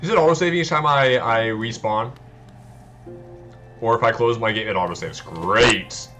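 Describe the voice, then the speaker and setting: A man's voice: medium pitch, normal speed, sharp tone, highs cut off, soft background music. A man streaming a video game, chatting casually and poking fun at his own play while answering his viewers. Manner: self-deprecating, talks to chat. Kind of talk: casual let's-play chat.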